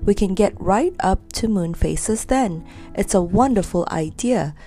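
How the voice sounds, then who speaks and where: A woman's voice: mid-range voice, expressive, a little slow, mellow, faint music behind. A woman voicing a brave, curious boy in a storybook reading. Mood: determined.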